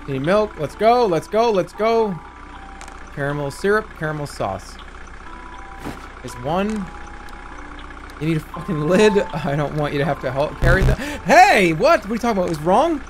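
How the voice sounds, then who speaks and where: A man in his thirties playing a video game, swearing and swinging between low mutters and excited yelps. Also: normal speed, long pauses, background noise. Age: 30s. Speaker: streamer. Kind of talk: let's play commentary.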